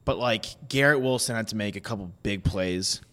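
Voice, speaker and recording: A man co-hosting a sports podcast in casual chat. He is animated, laughs often and repeats phrases for fun. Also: on the low side, moderate pace. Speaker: podcast co-host.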